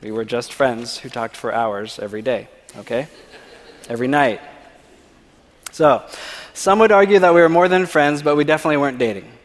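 A man with a mid-range voice tells a personal story to a church congregation, often pausing to ask "okay?". His voice carries a long reverb from a large sanctuary. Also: medium pitch. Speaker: church speaker. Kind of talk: personal testimony talk.

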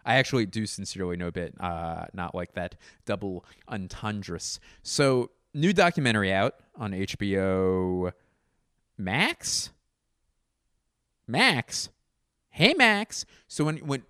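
A man's voice: fairly low pitch, lively intonation, moderate pace, no echo, clean studio sound. A man in his forties, a comedian hosting a podcast, telling a rambling, profane, self-deprecating story. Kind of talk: casual storytelling monologue.

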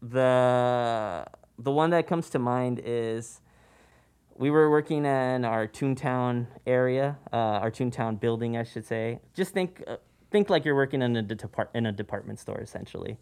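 A young man in a loose podcast conversation, spinning a story from his old job. He talks casually and keeps slipping into animated voices for the people in the tale, so the pitch jumps up whenever he quotes them. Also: moderate pace, smooth. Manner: animated, acts out voices in anecdotes. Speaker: podcast guest, former theme park worker.

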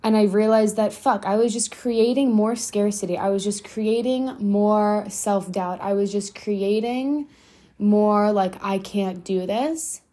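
A woman's voice: medium pitch, fairly even intonation, a little slow, mellow. A young adult woman hosting a motivational solo podcast, talking bluntly and swearing freely for emphasis. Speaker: podcast host.

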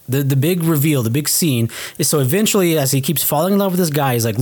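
Animated young man retelling a film. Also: a little high, brisk. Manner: animated retelling, swears casually, acts out quoted lines. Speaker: podcast co-host. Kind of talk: casual film recap chat.

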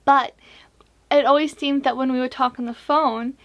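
A young woman hosting a casual faith-based vlog, giving earnest advice with self-mocking asides and animated emphasis. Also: high voice, moderate pace. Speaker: vlog host.

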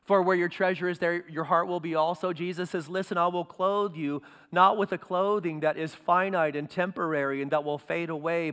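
Earnest preaching man, smooth voice. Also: sits high, fairly bright tone, big-room sound. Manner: earnest preaching, rising to emphatic peaks. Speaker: pastor. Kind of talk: sermon.

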